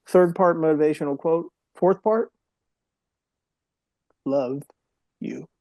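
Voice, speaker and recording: Speaking slowly in a slightly high voice, this middle-aged mental health speaker shares personal stories as a podcast guest. His earnest, emotional delivery occasionally sinks to a hushed tone, and the audio sounds dull.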